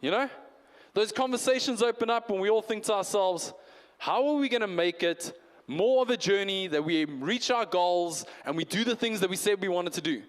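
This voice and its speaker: A man's voice: high voice, normal speed, long reverb tail. A man preaching a conversational New Year's Eve sermon, asking his congregation questions. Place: church hall.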